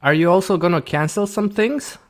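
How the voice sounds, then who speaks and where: A man's voice: high-pitched, a little fast. A man whose first language is Romanian, hosting and interviewing a guest in English, often rephrasing and summarizing the guest's answers. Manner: steady questioner, rephrases and summarizes the guest's points. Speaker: channel host interviewer. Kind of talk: interview questions.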